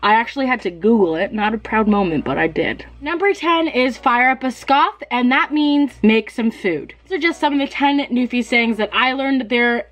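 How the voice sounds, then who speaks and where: Chatty young woman, fairly high voice. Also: normal speed, few pauses, a bit bright. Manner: chatty, laughs at herself, swears casually. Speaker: beauty vlogger. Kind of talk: casual DIY tutorial chat.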